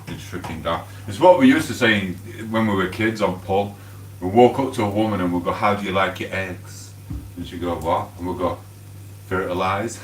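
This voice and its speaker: An English man rambling casually on a live stream while he cooks in his home kitchen. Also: low voice. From England. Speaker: livestreamer. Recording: echoey room, mic at a distance, faint hum.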